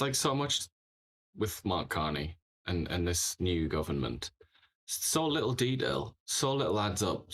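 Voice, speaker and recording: Animated sarcastic male commentator. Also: on the low side. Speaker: political commentary host. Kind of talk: casual political commentary.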